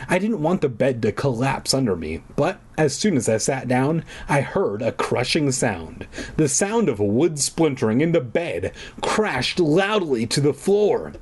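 A man's voice: mid-range voice, breathy edge. A man giving a comedic reading of a children's book, breaking off for irreverent, swearing asides and drinking as he reads. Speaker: comedic reader.

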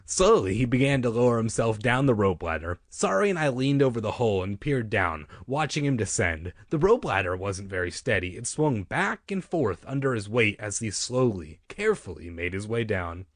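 Guy reading a kids book out loud, low voice but swings all over, jokes around, dry sound. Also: sing-song, moderate pace, few pauses, dry recording. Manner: stumbles, laughs, rambling joking asides. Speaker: reader of a children's book. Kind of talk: casual read-aloud with joking asides.

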